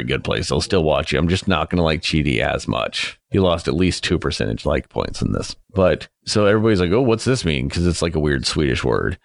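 Low-voiced man ranting sarcastically about a movie. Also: vocal fry. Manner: rambling, sarcastic, heavy swearing, mocking voices for the people he describes. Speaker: movie reviewer. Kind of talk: casual profane movie recap.

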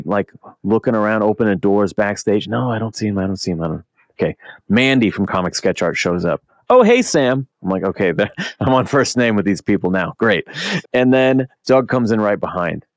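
A young man co-hosting a podcast, telling a story in casual chat, animated and swearing a lot as he acts out what people said. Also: on the low side, dry recording. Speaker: podcast co-host.

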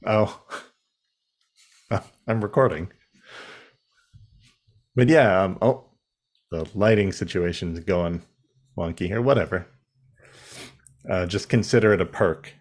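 A young man co-hosts a casual chat with a fairly low voice. He talks loosely and swears freely, with a relaxed, off-the-cuff delivery. He sounds like he is speaking into a home webcam setup. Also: takes it slowly, long pauses. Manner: laughing, loose, profane.

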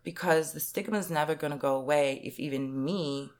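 A woman's voice: low-pitched, a little fast. A woman speaking frankly and with self-assurance in a candid conversation.

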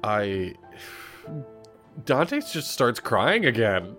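A man's voice: measured pace, soft background music. A man playing a tabletop game who talks casually and jokes and laughs a lot. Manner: playful, laughing, very lively pitch. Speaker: player.

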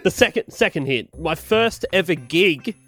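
A man hosts a crude comedy game show with a brash, sweary delivery. His pitch swoops about a lot, and faint music sits under his voice. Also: lively intonation, normal speed, fairly bright tone, dry recording. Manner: brash, sweary, laughing often.

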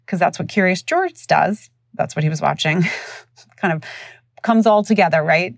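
Woman podcast host, thirties, low pitch, dry close sound, chatty and animated storyteller. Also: moderate pace, vocal fry, no room sound. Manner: animated, acts out voices of others. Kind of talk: casual storytelling.

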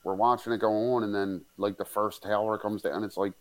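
A man with a fairly low voice tells a long personal story in a loose, rambling way. He swears crudely and leans on fillers as he goes. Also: a little fast, few pauses. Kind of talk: casual storytelling.

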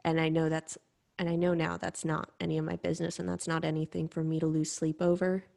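A young woman hosting a podcast, talking candidly and reflectively in a halting personal monologue. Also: sits low, level tone, gravelly, a little mellow. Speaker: podcast host.

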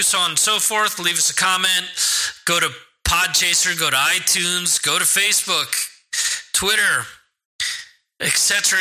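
A man's voice: a little high, sharp tone, poor audio. A man hosting a podcast, talking casually on his own, rambling with lots of restarts and fillers. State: hiccuping. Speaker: podcast host. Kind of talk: casual solo podcast talk.

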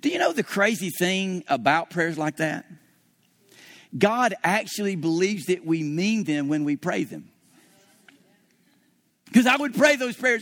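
A man's voice: sits high, very animated, measured pace, long pauses, a bit bright. A man preaching a sermon as pastor, telling a story and acting out his own past dialogue.

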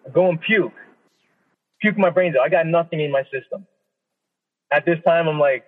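A man's voice: a little high, brisk, long pauses. A man from Canada, a professional boxer, telling his story in a casual interview, swearing often and acting out his own thoughts. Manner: profane, animated storytelling with quoted inner speech. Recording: tinny phone-line audio with long reverb.

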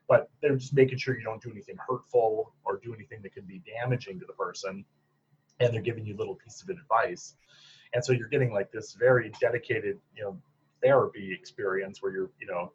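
A man's voice: fairly low pitch, slightly rough. A man, a psychologist telling stories in a casual interview, chatty and full of fillers. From Upper Peninsula of Michigan. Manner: chatty, lots of fillers, laughs at own stories. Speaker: psychologist guest. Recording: dull lo-fi sound.

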